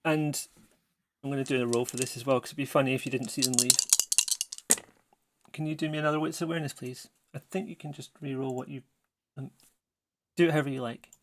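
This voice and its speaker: A man's voice: medium pitch, fairly even intonation, a little fast, pauses often, a little hiss or hum. A man narrating a tabletop game as game master, chatty and prone to asides. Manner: chatty, self-correcting, apologetic asides.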